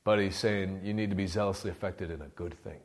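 A man's voice: low-pitched, steady tone, fast. A man preaching a sermon in a conversational, impassioned way, rising into bursts of fervor.

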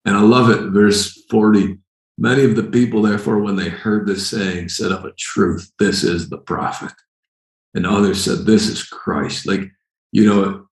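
Animated preacher man, low voice, echoey room. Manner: animated, acts out scenes with sudden shouted lines. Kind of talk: sermon.

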